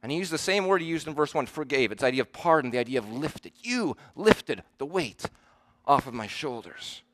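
A man preaching a sermon, earnest and emphatic, slowing down to stress the verses he quotes. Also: medium pitch, animated, a bit bright, a little hiss or hum.

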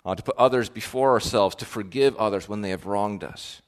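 A man's voice: lowish voice, fairly quick. A male pastor preaching a sermon in an earnest, questioning way, with frequent fillers and restarts.

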